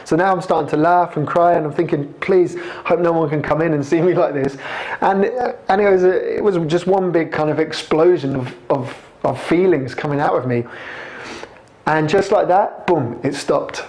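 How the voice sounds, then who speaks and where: A man giving a personal testimony to a camera. He speaks in a halting, reflective way, with many restarts. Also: on the high side, a little mellow. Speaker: convert sharing his testimony.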